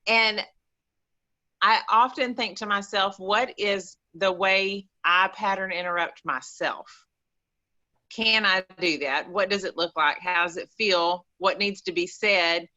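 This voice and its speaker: A woman with an East Texas accent, chatting as a caller on a call-in show in an animated, rambling, folksy way. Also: mid-range voice, normal speed, highs cut off. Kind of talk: casual chat.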